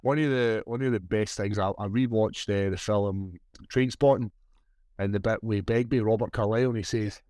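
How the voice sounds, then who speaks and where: A man's voice: lowish voice, fairly even intonation, normal speed, a little mellow, no room sound, studio quality. A man with a Scottish accent co-hosting a podcast, chatting casually and swearing freely. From Scotland. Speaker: podcast co-host. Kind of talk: casual chat.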